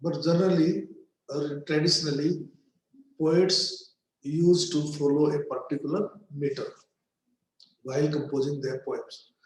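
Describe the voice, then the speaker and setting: A man giving a recorded lecture on poetry, speaking slowly and deliberately with pauses between phrases. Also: on the high side, steady tone, darkish tone. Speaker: literature lecturer. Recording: very echoey room.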